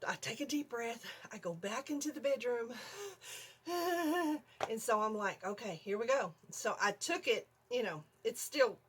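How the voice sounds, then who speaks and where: A middle-aged woman, telling an animated story on her vlog, laughing often and acting out her own screams. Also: a little high, measured pace, a little hiss or hum. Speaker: vlogger.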